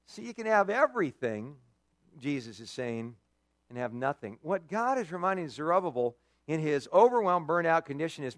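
Male preacher, high and expressive, storytelling sermon style, dry recording. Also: normal speed, dry recording. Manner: animated storytelling with dramatic emphasis. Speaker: pastor.

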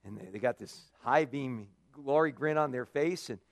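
Animated, folksy male preacher. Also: mid-range voice, moderate pace, no room sound. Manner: conversational, folksy and animated, with many "you know"s and rhetorical questions. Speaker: pastor. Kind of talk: sermon.

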